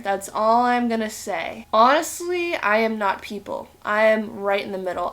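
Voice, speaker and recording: A woman in a casual sit-down chat, talking straight to viewers and acting out her own thoughts in quotes. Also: medium pitch. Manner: chatty, talks straight to viewers. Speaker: book reviewer.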